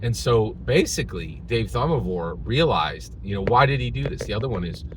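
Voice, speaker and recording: A man's voice: lowish voice, big pitch swings, moderate pace, noisy background. Emphatic ranting male game reviewer. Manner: emphatic, repetitive, keeps asking "right?". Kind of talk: opinionated video rant.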